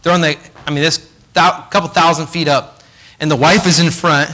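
A man's voice: a little high, fairly even intonation, moderate pace, bright, forceful tone. A man preaching a sermon in a conversational way, acting out the voices of the people in his stories. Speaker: pastor.

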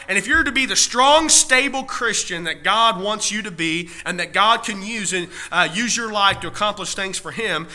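High, bright, emphatic male preacher. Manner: emphatic, rhetorical questions, repeats key phrases; drawn-out punch words. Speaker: pastor. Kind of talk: sermon.

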